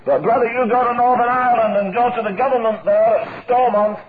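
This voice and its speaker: A man's voice: very high-pitched, steady tone, a little fast. An older man preaching a fiery revival sermon, impassioned and emphatic, hammering phrases through repetition. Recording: tinny phone-like recording with loud crowd.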